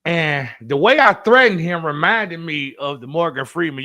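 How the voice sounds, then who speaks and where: A man co-hosting a podcast in casual chat, telling animated, profane stories and acting out other people's voices. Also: high voice, moderate pace, dry recording, clean studio sound. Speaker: podcast co-host.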